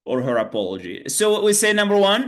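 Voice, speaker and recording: A patient online English teacher. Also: male voice, high-pitched, big pitch swings, fairly quick. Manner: patient, repeats himself with many fillers. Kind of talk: online class. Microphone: video call.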